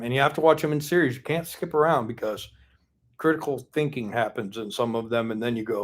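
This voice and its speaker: A man hosts an unplanned live stream in a loose, rambling way. He greets viewers by name and teases them, and his voice sits at an ordinary middle pitch. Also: fairly even intonation, fast. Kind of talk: casual live-stream chat.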